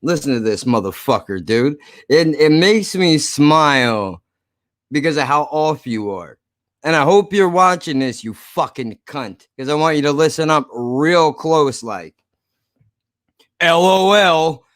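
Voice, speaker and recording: A man's voice: fairly high pitch, lively intonation, measured pace, no echo, clean studio sound. A man ranting angrily to camera in a video blog, profane, sarcastic and repetitive. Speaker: YouTube creator. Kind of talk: angry ranting vlog to camera.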